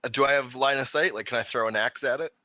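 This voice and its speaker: A man's voice: medium pitch, quick pace, sharp tone, no echo. A man playing in a tabletop game, hesitant and asking questions. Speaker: player. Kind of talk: casual tabletop play.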